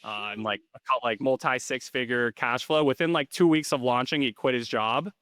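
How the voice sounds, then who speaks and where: Guest in his 30s; casual, rambling talker; smooth tone, dry close recording. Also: medium pitch, moderate pace, fairly bright tone, dry recording. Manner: rambling, filler-heavy, restarts often. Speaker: interview guest, rental investor. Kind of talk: casual interview chat.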